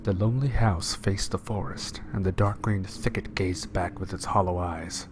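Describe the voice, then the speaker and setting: A man's voice: lowish voice, moderate pace, hardly any pauses, noisy background. A young man playing a story game, reading its text aloud with playful jokey asides. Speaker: gamer. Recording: loud game music behind.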